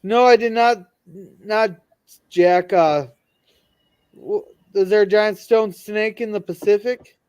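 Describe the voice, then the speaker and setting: A man hosting a casual live stream, reading viewer comments aloud and chatting in a rambling, halting way with many restarts. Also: high-pitched, darkish tone, clear, resonant tone. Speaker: livestream host reading chat comments. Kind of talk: casual chat and joke telling.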